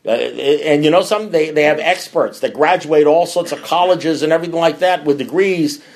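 Middle-aged guy at a recovery meeting, swears a lot, goes loud then drops way down low, blunt. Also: fairly quick. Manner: blunt and profane, swings between loud bursts and low mutters. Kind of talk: candid talk to a recovery group.

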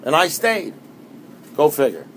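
A man's voice: on the high side, wildly swooping pitch, unhurried, fairly bright tone, slight background noise. A middle-aged man from New York giving a rambling, conversational personal testimony to a recovery meeting. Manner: rambling and conversational, with many restarts.

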